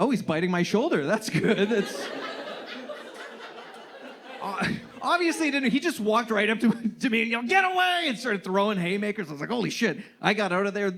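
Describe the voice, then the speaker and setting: Young guy doing standup, kinda high voice, self-deprecating bus stories, yells out the crazy guys' lines. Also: animated, normal speed. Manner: storytelling, self-deprecating, acts out shouting characters. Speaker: stand-up comedian. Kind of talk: stand-up set. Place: comedy club stage with laughing audience.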